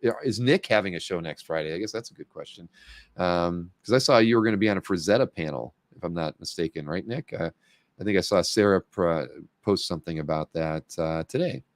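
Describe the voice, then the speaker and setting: A man's voice: deep voice, expressive, a little fast, dry recording. A man hosting a casual livestream, rambling and correcting himself as he talks, laughing often, saying he is losing his voice. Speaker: show host.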